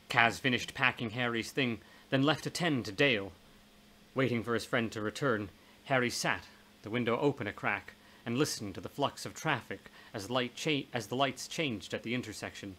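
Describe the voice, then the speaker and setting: Man, audiobook narrator, horror fiction, steady measured reading. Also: mid-range voice, poor audio.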